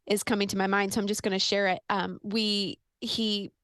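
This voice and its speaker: A middle-aged woman hosting a podcast, talking in an earnest, animated way and telling stories casually. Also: medium pitch, normal speed, no echo. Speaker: podcast host.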